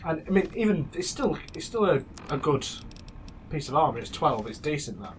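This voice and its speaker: A man's voice: fairly high pitch, big pitch swings, normal speed, slight background noise. A young man giving casual, chatty gameplay commentary, teasing and rambling with frequent restarts. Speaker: let's play gamer.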